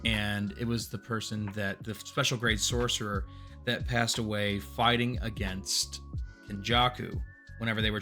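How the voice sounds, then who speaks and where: A man retells a story in a relaxed, rambling commentary style and lifts his voice when the moments get big. His tone is bright and forward. A faint music bed plays under him. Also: mid-range voice. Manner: earnest, rambling, gets excited and louder at big moments. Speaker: manga recap host. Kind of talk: casual story recap commentary.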